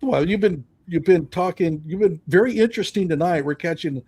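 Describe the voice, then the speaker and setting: Male live-stream host, relaxed and rambling, warm mellow tone, slightly high. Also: a little fast, slightly rough, no echo. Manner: rambling, many fillers and restarts, relaxed. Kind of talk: casual chat on a live stream. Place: home in Oklahoma.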